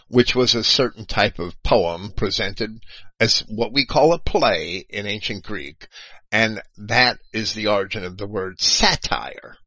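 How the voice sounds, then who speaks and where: A man giving an unscripted explanatory monologue, lecturing in a halting way with frequent restarts and self-corrections and spelling terms out letter by letter. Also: fairly low pitch, pushed and bright, no room sound, poor audio. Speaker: video host.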